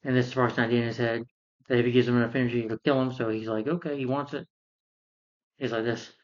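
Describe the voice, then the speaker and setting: A man rants casually about a film he dislikes, rambling through the plot and acting out the characters as he goes. His voice sits at an ordinary middle pitch. The recording sounds slightly dull and lo-fi. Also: flat delivery, fast talker. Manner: rambling, retells scenes and acts out characters. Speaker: film reviewer. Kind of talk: casual film review rant.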